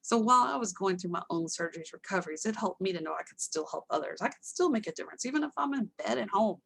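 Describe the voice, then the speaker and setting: A woman telling her life story to an online audience, casual and candid, with self-mocking asides and lively acted-out quotes. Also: fast talker, creaky. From Texas. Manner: animated, acts out quoted voices with sudden pitch jumps. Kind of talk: casual personal storytelling with humor.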